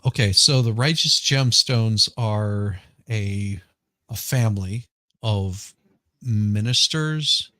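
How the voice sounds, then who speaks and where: A man's voice: fairly low pitch, slow pace, bright, forceful tone, no room sound, clean studio sound. A man chatting casually on a live stream, rambling and restarting as he searches for names. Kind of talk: casual chat.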